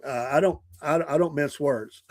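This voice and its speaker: A man's voice: on the high side, normal speed. An older man from Georgia, chatting casually and folksily as a show guest, chuckling often and repeating himself. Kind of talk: casual chat.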